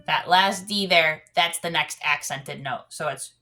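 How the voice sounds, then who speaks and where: In a deep voice and at a measured pace, a woman teaches a piano lesson. She explains patiently and sings out the counts as she plays, accompanied by piano in the background.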